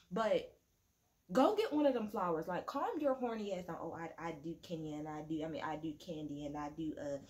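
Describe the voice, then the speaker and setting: A woman giving a casual, profane, sassy rant reviewing a reality show, with quick mocking asides. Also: a little high. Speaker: reality TV recap vlogger. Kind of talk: casual ranting recap.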